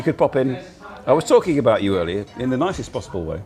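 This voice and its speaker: A man's voice: medium pitch, big pitch swings, quick pace, darkish tone. A middle-aged man chatting casually on a livestream from a cafe, laughing often and poking fun at himself, recorded on a laptop mic. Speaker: livestream host.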